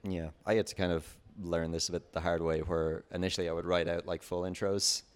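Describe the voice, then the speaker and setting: Deep-voiced man, easygoing podcaster. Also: little pitch movement, brisk, smooth. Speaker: podcaster on a panel. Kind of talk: casual talk at a panel.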